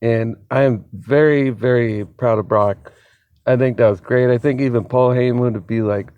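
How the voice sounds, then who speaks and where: A man hosting his own channel, chatting excitedly in a casual solo commentary, laughing often and swearing freely, amped up on an energy drink. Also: mid-range voice, normal speed, smooth, dry recording, narrow, tinny audio. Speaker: wrestling commentary channel host.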